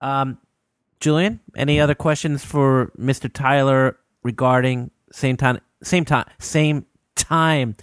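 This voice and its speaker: A man's voice: medium pitch, fairly even intonation, slow, clear, resonant tone, no room sound. A man hosting a casual podcast chat, teasing his guest and laughing often. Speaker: podcast host.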